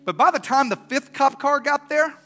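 A middle-aged man preaching a sermon and telling a story. He swings from soft and earnest to loud and animated. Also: extremely high pitch, normal speed, faint music behind. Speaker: pastor.

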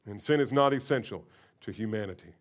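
A man preaching a sermon, expressive and emphatic, moving from quiet explanation to loud, impassioned emphasis. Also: lowish voice, fairly quick. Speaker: pastor.

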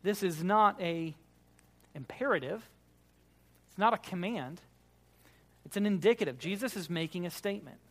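A man, a Baptist pastor preaching a sermon, emphatic and swinging between loud declarations and quiet, soft prayer. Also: sits high, expressive, moderate pace, pauses often.

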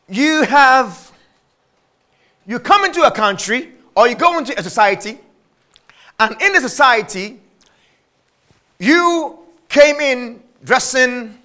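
A man's voice: sits high, sharp tone. A man preaching a sermon, emphatic and repetitive, drawing out his key phrases.

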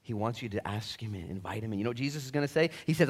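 A man preaching a sermon with casual slang, swinging between loud bursts and hushed, earnest stretches. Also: lowish voice, lively intonation, very fast, few pauses, a little hiss or hum. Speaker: pastor.

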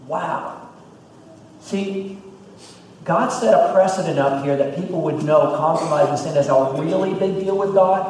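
Male pastor, mid-high voice, emphatic sermon, heard from afar in a long-reverb hall. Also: normal speed, slight background noise. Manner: emphatic, repeats phrases, swings between loud and hushed. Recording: echoey hall, distant mic, faint ambience.

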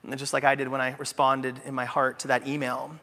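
A man preaching a sermon as pastor in a church, telling stories in an animated, humorous way. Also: medium pitch, a little fast. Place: church sanctuary. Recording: long church reverb.

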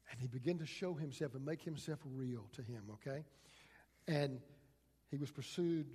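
High-voiced man preaching in a hall. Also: a little mellow, slightly rough. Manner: dramatic scripture reading with voiced quotes. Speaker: pastor. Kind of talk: sermon. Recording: long hall reverb.

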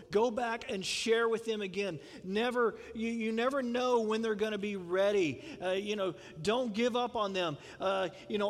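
A man's voice: high voice, big-room sound. A man preaching a sermon in a conversational way, putting questions to the congregation and chuckling. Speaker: pastor.

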